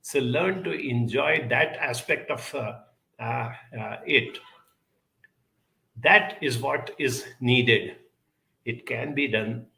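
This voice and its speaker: A man answering audience questions in a reflective advice talk, speaking in a measured, deliberate way with frequent pauses. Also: mid-range voice, gravelly, pushed and bright, reverberant, rough recording.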